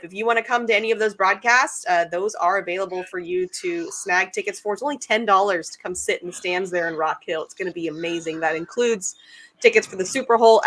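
A woman's voice: medium pitch, a bit bright, a little hiss or hum. A woman co-hosting a sports podcast, chatting in an upbeat way and plugging upcoming events. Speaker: co-host. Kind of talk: casual sports podcast chat.

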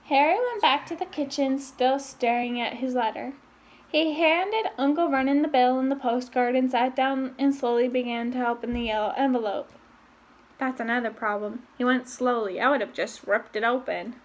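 Woman, high voice, casual read-aloud of a novel, chatty asides. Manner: reads quickly with asides, raising pitch for quoted voices. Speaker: reader.

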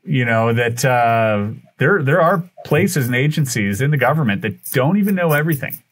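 Podcast guest guy telling a story, mid pitch, keeps restarting, does the voices. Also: expressive, moderate pace. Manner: acts out dialogue with shifting voices, frequent restarts. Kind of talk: animated storytelling in conversation.

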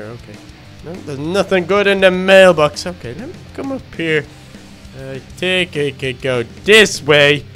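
A man voicing a timid, excitable young male baby duck in a game role-play, gasping and easily frightened. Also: a little high. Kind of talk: Minecraft role-play narration.

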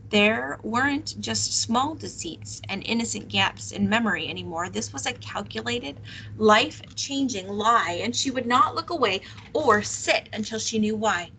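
A woman teacher reading a novel aloud, steady and expressive. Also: on the high side, measured pace, slight background noise, low-quality recording.

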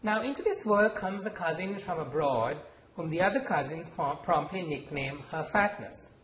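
A man from Sri Lanka, reading aloud from his novel in a measured, expressive storytelling manner at a university event. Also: fairly high pitch, roomy sound, slight background noise, rough recording. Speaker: author. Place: lecture hall at a university event.

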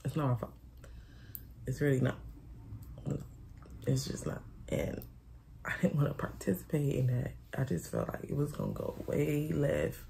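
Woman, casual storytime vlog, very gravelly fry, candid and profane, faint background hiss. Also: low-pitched, fairly even intonation, normal speed, long pauses, mellow. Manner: candid, swearing, repeats herself, quotes friends dramatically.

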